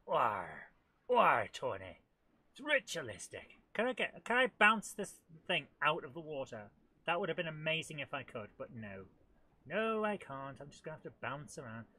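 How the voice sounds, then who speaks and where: A woman with a head cold, hosting a live let's-play and chatting excitably to the game, often laughing. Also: deep voice, normal speed, no echo. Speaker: host of a retro gaming channel.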